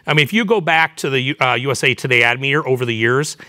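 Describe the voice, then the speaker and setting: A man's voice: medium pitch, fast, bright, forceful tone. A man around fifty, an executive guest, telling candid stories in a casual interview with many fillers. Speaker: chief marketing officer, guest.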